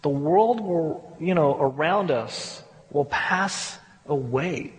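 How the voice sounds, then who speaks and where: A man's voice: on the high side, lively intonation, slow. A man preaching a sermon as pastor in a candid, conversational way, often restarting his sentences, recorded in a church sanctuary. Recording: long hall reverb.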